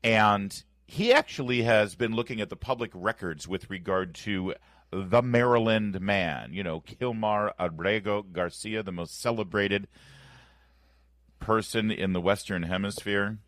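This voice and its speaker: A man's voice: lowish voice, unhurried, a bit bright, no room sound, studio quality. A man hosting a morning talk radio show, emphatic and playfully sarcastic as he runs through the lineup and banters with his co-host. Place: radio studio. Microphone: studio microphone.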